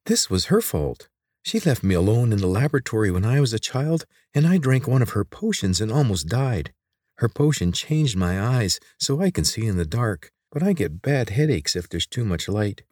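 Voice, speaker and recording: A man voicing a sharp-tongued teenage girl inventor in a read-aloud story, blunt and sarcastic. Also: lowish voice, sing-song, moderate pace, no room sound, studio quality, pitched above the performer's own voice. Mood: guarded, bitter.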